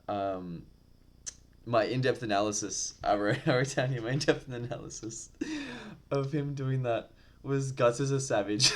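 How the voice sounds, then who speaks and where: A man talks through a comic chapter in a loose, rambling way, tossing in slang and profanity between filler words. His voice sits on the lower side. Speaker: manga reviewer. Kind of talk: casual chat.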